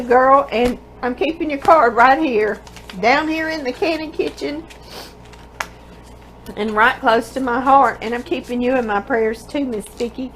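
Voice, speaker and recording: Over slight background noise on a low-quality recording, a high-voiced woman with a Southern Louisiana accent reads viewer mail on her home kitchen cooking show. She's tender and emotional, laughs a lot, and keeps calling her listeners "girl."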